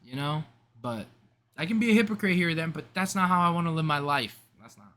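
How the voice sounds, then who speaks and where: Bright-voiced young man rambling in a vlog. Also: on the high side, quick pace. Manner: rambling, self-interrupting, slangy. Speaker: vlogger. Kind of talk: casual rambling vlog monologue.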